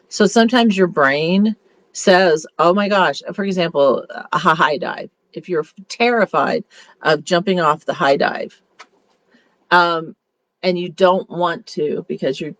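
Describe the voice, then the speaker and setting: A woman's voice: sits low, a little slow, a bit bright. A woman beauty consultant giving a casual motivational talk in a chatty, upbeat way, with rambling restarts. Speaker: beauty consultant leading a meeting.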